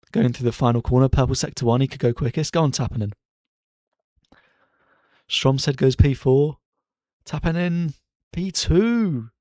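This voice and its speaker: A man streaming casual live race commentary from his bedroom, chatty and excitable as he cheers drivers on. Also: mid-range voice, no echo, clean studio sound. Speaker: streamer hosting a racing watchalong. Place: bedroom at home.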